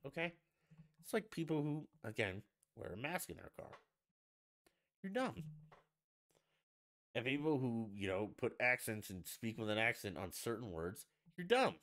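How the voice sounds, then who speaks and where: A livestream host with a lowish, fairly bright voice rants casually and bluntly, swearing freely throughout.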